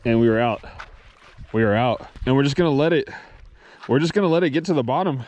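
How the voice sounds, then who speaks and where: A man vlogging his solo fishing trip outdoors, talking excitedly to the camera and the fish he catches, swearing casually as he films himself. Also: mid-range voice, fast, dull audio. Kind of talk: excited outdoor vlog commentary. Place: outdoors on a reservoir shore.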